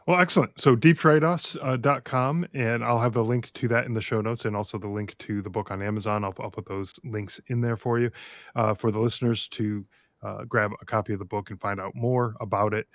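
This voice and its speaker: Male podcast host, casual chat, friendly loose delivery with fillers, lowish voice, dry close mic. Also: steady tone, a little fast, dry recording.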